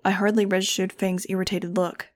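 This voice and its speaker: Flat-toned woman reading a novel aloud. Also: medium pitch, fairly quick. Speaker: audiobook reader. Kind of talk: first-person novel narration.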